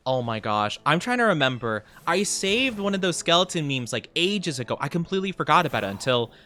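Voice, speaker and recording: A man's voice: on the high side, very animated, fairly quick, bright, forceful tone. A man chatting casually on a live stream, giggling often and answering his chat.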